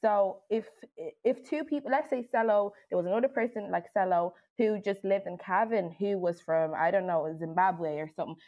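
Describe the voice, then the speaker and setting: A woman's voice: mid-range voice, normal speed, few pauses, lo-fi sound. A woman musician speaking emphatically and forthrightly as a guest in a podcast discussion.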